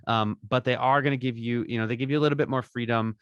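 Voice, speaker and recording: A man's voice: mid-range voice, steady tone, quick pace, a bit bright, smooth, no room sound, muffled recording. A man as a podcaster guest, giving upbeat, chatty advice and tagging his points with "right?". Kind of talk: casual interview advice.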